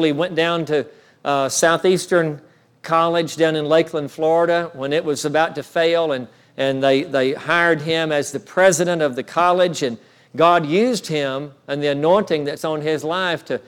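A man's voice: a little high, steady tone, normal speed, clear, resonant tone. A male pastor telling a story in a sermon, with frequent restarts that build in intensity. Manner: storytelling, many restarts, rises in intensity when recounting.

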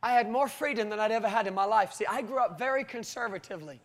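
This British man's sermon rests on a personal tale, delivered in a very high voice for a man. He's a fast talker, animated throughout and quick to laugh.

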